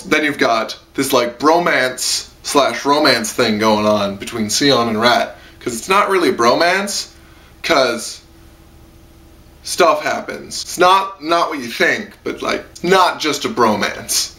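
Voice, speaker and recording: Bright-voiced excitable young man rambling. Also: mid-range voice, a little slow. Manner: rambling, excitable, lots of "like" and squealed quoted voices. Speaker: anime reviewer. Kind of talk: casual spoken review. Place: room at home with a lamp.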